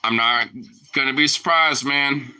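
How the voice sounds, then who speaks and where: A man talking in a casual, rambling monologue, slangy and profane and full of fillers, moving between loud outbursts and low mutters. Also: measured pace, clear, resonant tone, poor audio.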